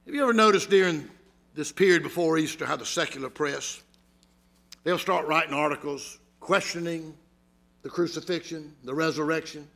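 A man's voice: fairly high pitch, normal speed, fairly bright tone. A man with a Georgia Southern accent, a pastor preaching a sermon with folksy, humorous stories. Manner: folksy storytelling, gravelly voice.

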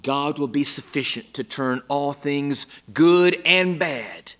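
A man preaching a sermon, emphatic and dramatic, moving from loud exclamations down to hushed near-whispers. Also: on the high side, slow.

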